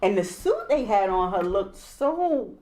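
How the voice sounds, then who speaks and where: A woman's voice: mid-range voice, very animated, a little slow, darkish tone. A woman co-hosting a casual podcast chat, blunt and opinionated. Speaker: podcast co-host.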